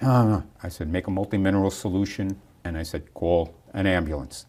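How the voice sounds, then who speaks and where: A man's voice: sits low, quick pace, hardly any pauses. A man who promotes bodybuilding, telling a story at length and acting out the people in it. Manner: animated storyteller, voices the people in his story. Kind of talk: storytelling in an interview.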